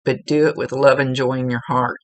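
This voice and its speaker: Her voice is a rumbling low one with little pitch movement, and she talks fairly quickly with no echo. She is a psychic medium giving a spirit reading, passing along messages earnestly and chattily while repeating words for emphasis.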